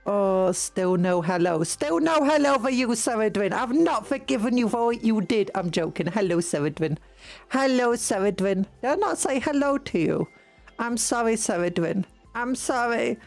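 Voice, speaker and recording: A woman's voice: fairly high pitch, lively intonation, normal speed, vocal fry, faint music behind. Giggly British woman streamer rambling. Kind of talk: casual livestream chat.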